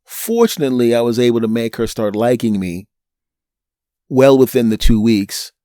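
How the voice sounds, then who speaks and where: A man with a Northeastern US accent hosts a solo podcast in clean studio sound with no room echo, speaking in a mid-range voice at a moderate pace. He tells a story animatedly, acting out the people he quotes.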